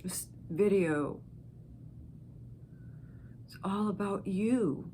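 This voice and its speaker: Woman host, unhurried and heartfelt direct-to-camera encouragement, faint background hiss. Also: mid-range voice. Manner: slow, gentle and heartfelt, with pauses. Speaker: channel host.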